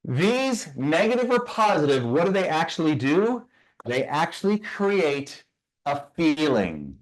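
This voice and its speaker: A man's voice: on the high side, sing-song, a little slow. A man teaching a motivational session, emphatic, firing rhetorical questions and asking listeners to type their answers. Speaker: personal growth speaker.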